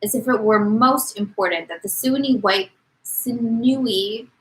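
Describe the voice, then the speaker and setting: A woman co-hosts a casual read-aloud podcast, reading a novel and giving the quotes dramatic voices. Her medium-pitched voice is expressive, brisk and fairly bright, and the recording is rough.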